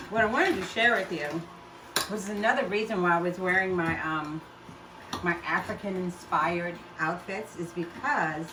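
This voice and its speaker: An older woman chatting casually to camera in her home kitchen, talking warmly and laughing often as she makes juice. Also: on the low side. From United States. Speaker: home juicing vlogger. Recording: roomy kitchen, mic at a distance, loud appliance noise.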